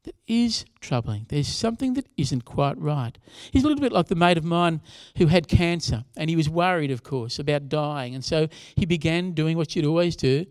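A man's voice: on the high side, expressive, normal speed, hardly any pauses, dry recording. A younger man preaching a sermon in a conversational way, with asides to the congregation. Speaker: pastor.

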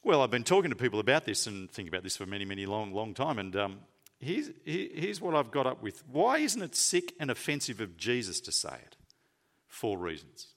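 A man preaching a sermon, stressing words loudly and then dropping to soft, low phrases. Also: very animated, brisk. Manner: emphatic, swinging between loud stresses and soft low phrases.

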